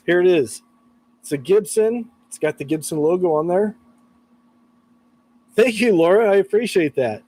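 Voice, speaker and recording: A man's voice: high voice, darkish tone, rough recording. A man chatting casually on a live stream about guitar repair, laughing often and reading out chat messages.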